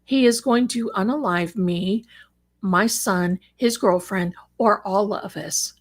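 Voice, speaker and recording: A woman's voice: medium pitch, slow. A middle-aged woman hosting a live psychic show, telling a personal story with dramatic flair and wry asides.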